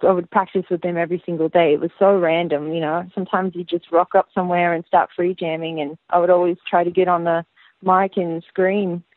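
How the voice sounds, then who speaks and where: A woman with an Australian accent, a band singer chatting as an interview guest, relaxed and rambling with lots of fillers. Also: on the low side, no echo. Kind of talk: casual interview chat. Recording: tinny phone line.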